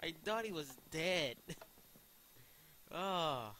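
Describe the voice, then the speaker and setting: Young male gamer, excitable, slow-talking, bright tone, faint hiss. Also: a little high, poor audio. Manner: excitable, yelps and laughs often. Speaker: gaming YouTuber. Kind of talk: live gameplay commentary.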